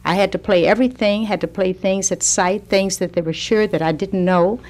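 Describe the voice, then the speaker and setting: An older woman with a Southern American accent, speaking as a radio interview guest. She tells her stories gently, with a dry, understated wit. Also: mid-range voice, steady tone, moderate pace. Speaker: guest organist.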